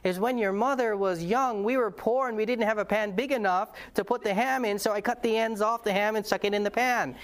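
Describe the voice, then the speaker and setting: A man voicing an elderly grandmother who calmly explains an old family habit. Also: sits high, a little fast, few pauses, voice pushed up, close to an everyday voice. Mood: amused.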